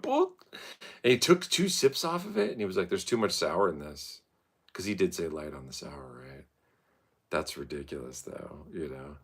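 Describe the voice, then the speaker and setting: A man's voice: rumbling low, very animated, moderate pace, husky. A man, telling profane, rambling, self-mocking stories as a casual streamer.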